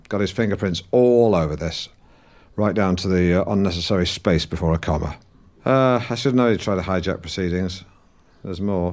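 A man's voice: fairly low pitch, lightly acted. An actor playing a pompous, touchy middle-aged male broadcaster from Norfolk, hosting a podcast in a comic monologue, defensive and rambling as he answers a troll. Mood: indignant. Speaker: podcast host.

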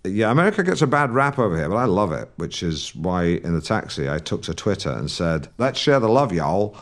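A man's voice: sits low, big pitch swings, brisk. A man playing a pompous, awkward middle-aged broadcaster who hosts a podcast, rambling and stumbling over his words in a comic monologue. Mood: self-satisfied. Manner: pompous and rambling, full of hesitations and restarts. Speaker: podcast host. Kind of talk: scripted comedic character monologue.

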